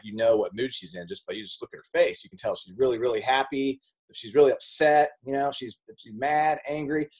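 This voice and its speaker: Man, mid-range voice, informal motivational speaker who riffs and repeats himself and jumps up in pitch to act out other people. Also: darkish tone. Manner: casual, conversational, with many fillers and repeated words. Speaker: speaker on network marketing. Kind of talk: motivational talk to a group.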